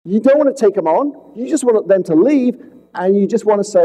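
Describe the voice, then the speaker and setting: A man with a high, mellow voice gives a presentation on fraud. He tells the case like a story, firing rhetorical questions at the room and then dropping to a hush for the key lines. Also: lively intonation, brisk, rough recording. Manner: dramatic storytelling with rhetorical questions and sudden swings from loud to hushed. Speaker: fraud investigator speaking to police.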